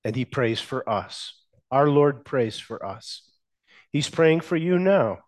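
A male pastor delivering a sermon at an unhurried pace, letting each phrase land before moving on. His voice sits at an ordinary middle pitch. He leans on pauses for emphasis and puts questions to his listeners. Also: lively intonation. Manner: slow, measured preaching with emphatic pauses; addresses the congregation with questions.

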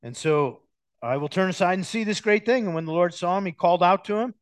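Preaching an expository sermon, this pastor is emphatic and lively, punctuating his speech with abrupt loud accents and slow, drawn-out words. His pitch is on the high side, and there is no room sound.

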